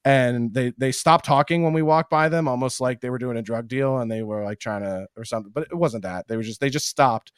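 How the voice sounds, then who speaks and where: A man's voice: mid-range voice, fairly quick, few pauses, smooth, no echo, clean studio sound. A man, a stand-up comedian and podcast guest, telling stories in casual chat and laughing at his own jokes.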